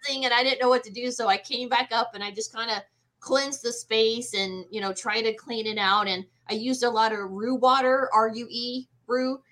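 A woman, a medium, telling her own ghost experience in a casual interview, animated and full of fillers and restarts. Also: on the high side, normal speed. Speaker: guest medium.

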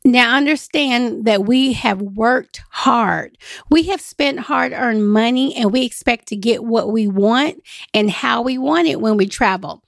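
A woman hosting a travel podcast in a lively, emphatic, chatty way. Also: on the high side, a little slow, gravelly, dry recording, clean studio sound. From United States. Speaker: podcast host and travel agent. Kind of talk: solo podcast talk.

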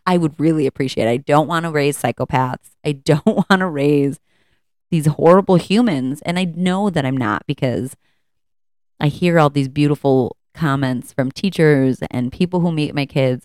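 A woman in her thirties, a mother hosting her own podcast, talking in a rambling, candid and self-mocking way, sometimes jumping into high excited voices. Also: a little slow, clear, resonant tone, no echo, studio quality. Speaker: podcast host. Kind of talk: casual solo podcast talk.

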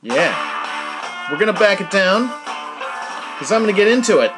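A man's voice: sits high, big pitch swings, unhurried, music in the background. A middle-aged man hosting a casual solo podcast, chatting in a rambling way and often stopping to restart his sentences. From New Hampshire. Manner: rambling, chatty, self-interrupting with fillers. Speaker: podcast host.

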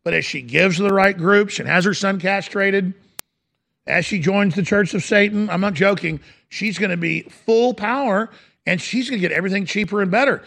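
A man's voice: sits high, moderate pace, creaky, fairly bright tone. A middle-aged man hosting a talk radio show, delivering an impassioned, ranting monologue.

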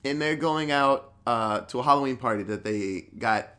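A man's voice: medium pitch, normal speed, bright, forceful tone. A man in a casual chat, recapping a horror movie in a rambling, profane way with lots of fillers.

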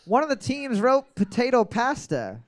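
Male trivia quizmaster, high voice, casual and profane, repeats questions. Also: wildly swooping pitch, moderate pace. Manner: crude, joking, repeats each question. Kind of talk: casual bar trivia hosting.

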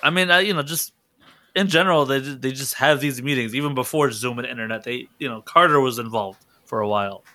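A man's voice: medium pitch, a little fast, pushed and bright. A man hosting a casual podcast chat, joking and laughing at his own puns. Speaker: podcast host.

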